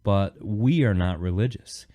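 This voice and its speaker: A podcast host with a warm, lowish voice speaks a little slowly. He chats casually, telling a meandering story sprinkled with many "you know"s.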